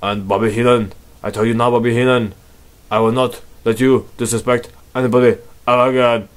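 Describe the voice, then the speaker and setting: A man doing an impression of a giant male wrestler who talks slowly in a deep, halting voice. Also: flat delivery, close to an everyday voice. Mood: boastful. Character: giant gruff male wrestler, slow and booming.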